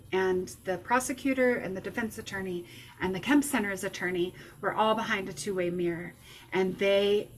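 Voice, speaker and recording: A woman giving a lecture, telling a personal story in an emotional, animated way. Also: medium pitch, a little hiss or hum, rough recording. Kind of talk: personal testimony talk.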